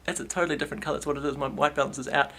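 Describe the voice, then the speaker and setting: Young male vlogger; loose, playful comic storytelling with a somewhat high pitch. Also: racing, a little hiss or hum. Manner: rambling, playful, animated retelling.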